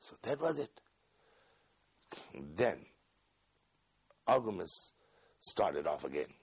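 An older man recalling events in an oral history interview, acting out the dialogue with animated energy. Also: low voice, slow, creaky, slightly rough, dry recording, muffled recording. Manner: animated storyteller, acts out dialogue, laughs often.

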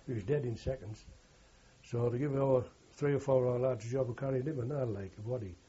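A man's voice: medium pitch, fairly even intonation, a little fast, mellow, husky, muffled recording. An older man, a war veteran, telling rambling anecdotal recollections in an interview. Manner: rambling anecdotal, frequent "you know" and "like". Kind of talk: oral history recollection.

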